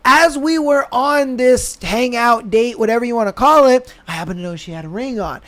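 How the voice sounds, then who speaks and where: A man co-hosting a podcast, telling a profane story in a casual, animated way with lots of fillers. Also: extremely high pitch, moderate pace. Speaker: podcast co-host. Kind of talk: casual chat.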